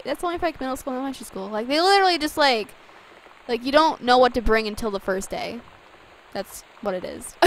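Young woman gamer, high and giggly, chatty commentary over soft rain. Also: a little hiss or hum, low-quality recording. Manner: giggly, chatty, reads game text aloud. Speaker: let's play gamer. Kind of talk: casual gameplay commentary.

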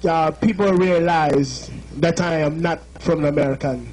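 A man's voice: a little high, normal speed, darkish tone, rough recording. A man with a Jamaican accent hosting a live show, joking and teasing his crowd in a playful, chatty way.

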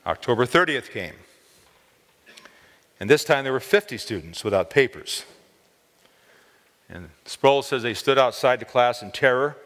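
A man's voice: a little slow, pauses often. Male chapel preacher in an echoing hall. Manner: expressive, lifts pitch on key words. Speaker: chapel speaker. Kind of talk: storytelling sermon. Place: college chapel. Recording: long hall reverb.

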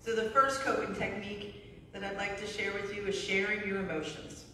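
A woman's voice: medium pitch, fairly even intonation, moderate pace, sharp tone, a little hiss or hum. A middle-aged woman giving a conversational sermon, telling stories and often asking "right?", recorded in a church sanctuary. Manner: conversational, storytelling, frequent "right?". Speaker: pastor. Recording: echoey hall from far off.

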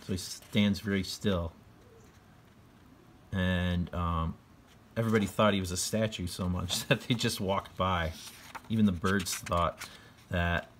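A man with a low voice retells a picture book in his own words, casual and loose. He rambles with fillers and restarts and chuckles often as he goes. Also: steady tone, unhurried, long pauses, a little hiss or hum. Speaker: book reader.

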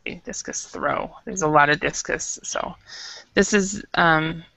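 A woman teaching an English class over a video call, explaining patiently and slowly with many fillers. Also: low voice, sharp tone. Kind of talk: online English lesson. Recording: dull lo-fi video call audio.

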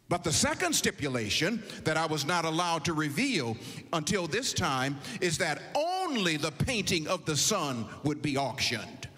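Insistent male auctioneer, put on by a preacher, slow and lively, husky, long reverb. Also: fairly high pitch, pitched above the performer's own voice, exaggerated voice.

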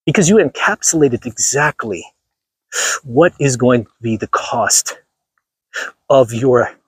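A man's voice: medium pitch, expressive, takes it slowly, husky, dry recording. A man hosting a livestream, ranting emphatically to his viewers and repeating himself for effect. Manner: emphatic, repetitive, addresses viewers directly. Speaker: channel host.

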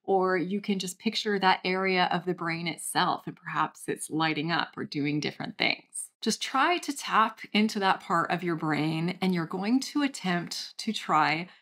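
A young woman hosting a channel, calmly and gently guiding listeners through a step-by-step brain training exercise. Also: on the low side, measured pace, few pauses. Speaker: channel host, recovery coach. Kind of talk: guided exercise instruction.

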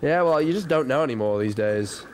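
A man's voice: mid-range voice, expressive, brisk, darkish tone, a little hiss or hum. A man chatting while gaming, with dry, sarcastic teasing. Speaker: gaming teammate. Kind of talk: casual gaming chat.

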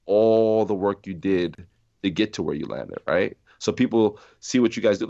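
A middle-aged man from New Jersey, a podcast guest telling stories in a lively way, acting out the people he quotes. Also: fairly low pitch, normal speed, no echo. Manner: animated storyteller acting out quoted voices, laughing often. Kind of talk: storytelling in a podcast interview. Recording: dry muffled sound.

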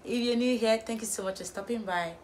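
A young woman vlogging, firing off exasperated rhetorical questions in an animated opinion rant. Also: fairly high pitch, a little fast, a little hiss or hum.

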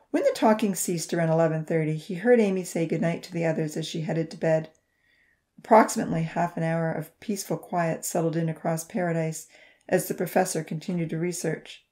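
Woman narrator, low mellow voice, calm even audiobook reading. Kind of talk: scripted narration.

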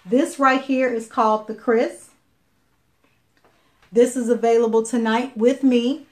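A chatty woman with a fairly high voice shows off jewelry on a live video stream. She repeats herself and fills pauses with ums as she talks close to a phone or webcam. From Chicago, Illinois.

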